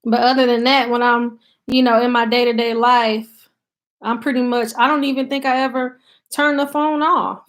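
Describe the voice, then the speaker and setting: A woman's voice: on the high side, level tone, moderate pace, a bit bright. A woman with an American country accent hosting her channel's live stream, chatting casually and reading out viewer comments with many fillers. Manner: chatty and loose, thinks aloud with many fillers. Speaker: YouTube channel host.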